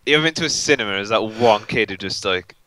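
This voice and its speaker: A man's voice: fairly low pitch, expressive, racing, bright, forceful tone, no echo, low-quality recording. Young man with dry wry quips. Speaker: podcast co-host. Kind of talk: casual chat while gaming.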